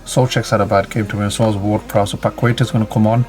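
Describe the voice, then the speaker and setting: A man's voice: lowish voice, level tone, fast, darkish tone, faint music behind. A man giving casual, chatty commentary on a football management game, reacting to each play and calling out his players.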